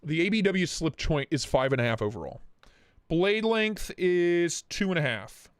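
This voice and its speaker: A man hosting a casual livestream, excitable and hyped, cursing freely and greeting chat viewers by name. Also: on the high side, moderate pace, smooth, dry recording, clean studio sound. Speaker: livestream host reviewing knives.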